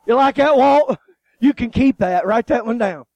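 In a sermon by a guest preacher, a man with a very high voice speaks at normal speed, spinning jokey, animated stories with laughs and acted-out voices. The audio is close, dry, and muffled, with no room sound.

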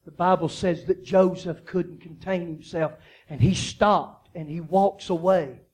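A man preaching a sermon, moving between quiet, low storytelling and loud, high-pitched shouting, often repeating his phrases. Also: fairly even intonation, measured pace, slightly rough. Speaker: pastor.

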